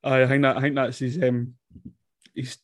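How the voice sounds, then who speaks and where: A man co-hosting a casual film review podcast, excitable and laughing a lot. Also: medium pitch, moderate pace, no echo, studio quality. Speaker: podcast co-host.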